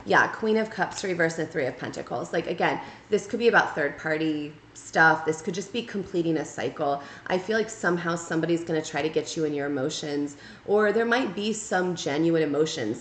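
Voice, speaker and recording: A tarot reader with a lowish, fairly bright voice chats her way through a casual reading, frequently asking "right?" and "okay?". The room echoes, and there's slight background noise.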